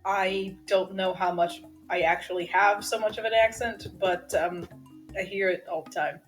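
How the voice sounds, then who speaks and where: A woman from Virginia chatting offhandedly and quietly as a player in a tabletop game. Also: medium pitch, fairly even intonation, normal speed, faint music behind.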